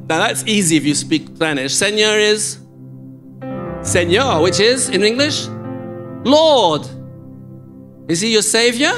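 High-voiced, enthusiastic older male preacher. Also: expressive, normal speed, a bit bright, soft background music. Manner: enthusiastic, chatty, jokes with the congregation. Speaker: guest preacher and worship leader. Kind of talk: sermon with teaching a song. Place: church with congregation.

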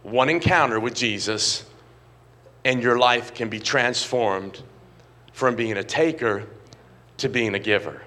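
A middle-aged man preaching a sermon, swinging from quiet, low asides to loud, shouted emphasis and often calling out to the congregation. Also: a little slow, pauses often. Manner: repeats words and calls on the congregation. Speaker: pastor.

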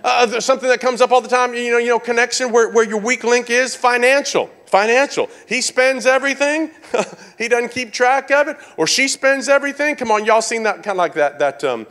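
A male pastor preaching to his congregation in a high, bright voice. He repeats key phrases and calls out to the room for agreement. He talks with energy and humor. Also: a little fast. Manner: animated preaching with call-outs to the congregation. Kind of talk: sermon.

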